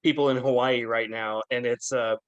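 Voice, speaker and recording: A man's voice: medium pitch, fairly even intonation, normal speed, highs cut off. A man on a roundtable podcast panel, telling a story in a hesitant way with stammered restarts. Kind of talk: casual roundtable chat.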